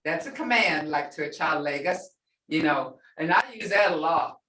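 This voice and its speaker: An older woman teaching a language class in a relaxed way, repeating phrases slowly for her learners. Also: low voice. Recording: echoey room, distant from mic.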